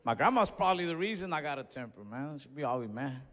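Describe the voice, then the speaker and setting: A young man doing a stand-up comedy set on stage, telling stories in an animated way that builds to outbursts. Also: medium pitch, fast talker, long reverb tail, slight background noise. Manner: animated storytelling with escalating outbursts. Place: comedy stage before a live audience.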